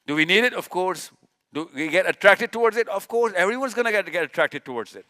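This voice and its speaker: A man's voice: sits high, expressive, fast talker, pushed and bright. Emphatic man lecturing a live audience. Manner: rhetorical questions, answered himself; emphatic, repeats key words. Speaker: speaker. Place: event hall.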